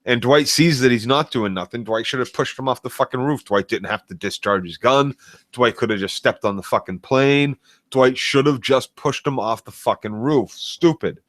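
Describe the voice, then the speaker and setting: Blunt, bright-voiced male podcast guest. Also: medium pitch, normal speed, no echo. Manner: blunt, exasperated ranting. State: a little drunk. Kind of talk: casual podcast chat.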